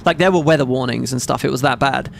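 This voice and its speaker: A man's voice: mid-range voice, fast talker, gravelly, slight background noise. A man telling a story in a casual vlog, rambling and emphatic, swearing freely. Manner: rambling, profane, emphatic retelling. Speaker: gaming video creator.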